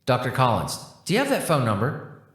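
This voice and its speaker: A polite, baffled scientist who hesitates and apologizes as he fumbles through a strange phone call, as a male narrator plays him. His voice is mid-pitched, with a roomy echo around it. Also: huge pitch swings, brisk, fairly bright tone. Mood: unsure.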